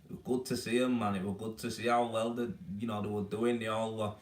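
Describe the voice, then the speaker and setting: A Yorkshireman talks fast in a lowish, level voice, chatting matily to live-stream viewers about his rendering work. He's laid-back and rambling, and the echoey room and distant mic are audible.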